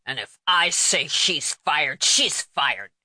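A woman voicing a drunken, belligerent man who bellows and shouts. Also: deep voice, sing-song, slow, dry recording, full character voice.

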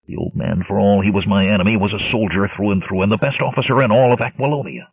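A man's voice: on the low side, fast, slightly rough. A man voicing a blunt, fierce barbarian warrior chief who growls his commands, in a storybook reading. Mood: indignant. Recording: tinny lo-fi narrowband audio.

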